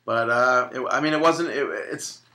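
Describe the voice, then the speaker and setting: A man's voice: medium pitch, normal speed, sharp tone. A man co-hosting a podcast, chatting casually and joking around with his co-host. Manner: joking, banters. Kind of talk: casual chat.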